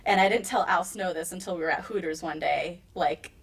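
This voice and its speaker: A woman in her thirties, a wrestler, telling her story in a casual interview and acting out quotes with lively jumps in her voice. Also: brisk. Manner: animated, acts out quotes with big pitch jumps. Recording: slightly distant mic, faint room noise.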